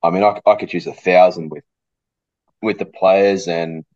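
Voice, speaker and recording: A man, a coach speaking as a podcast guest, thoughtful and pausing to repeat words, with a cough. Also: low-pitched, fairly even intonation, a little mellow, no room sound, muffled recording. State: coughing fit. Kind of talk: casual interview chat.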